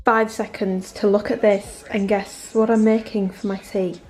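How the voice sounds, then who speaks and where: A woman's voice: medium pitch, flat delivery, unhurried, darkish tone, soft background music. Chatty young Englishwoman vlogging at home. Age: early 20s. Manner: chatty and rambling, with lots of "like". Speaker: fitness vlogger. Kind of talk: casual vlog chat.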